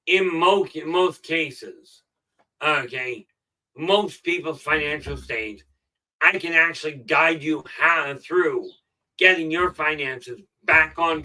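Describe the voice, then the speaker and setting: A middle-aged man giving a casual motivational talk on a live stream, rambling and filling pauses with "okay". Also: on the high side, sharp tone, distant mic, low-quality recording. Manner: rambling, frequent "okay" fillers. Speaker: self-help live streamer.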